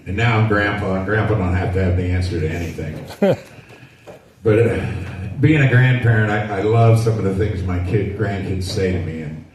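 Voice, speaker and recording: A man's voice: sits low, moderate pace, darkish tone. A man in his sixties doing a stand-up routine in a dry, rambling storytelling way. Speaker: stand-up comedian. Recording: echoey venue, mic from far off, faint noise.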